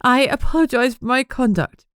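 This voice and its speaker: Woman voicing a proud young woman, high strained voice, dry close sound, audiobook. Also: very animated, moderate pace, a little mellow, dry recording, natural voice. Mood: firm. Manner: strained, high, emotional delivery. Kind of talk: audiobook character voice.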